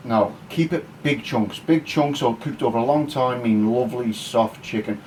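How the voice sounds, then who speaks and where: Cheeky crude home cook. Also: male voice, mid-range voice, normal speed, a little mellow, slight background noise, low-quality recording. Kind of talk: casual cooking demonstration. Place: home kitchen.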